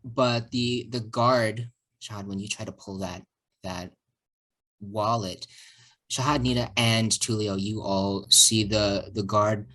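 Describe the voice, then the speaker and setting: Game master: woman with a very low, husky voice, slow and unhurried, giggly and halting. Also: steady tone, a bit bright, poor audio. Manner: casual, giggly, halting with many fillers. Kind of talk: narrating a tabletop game with friends.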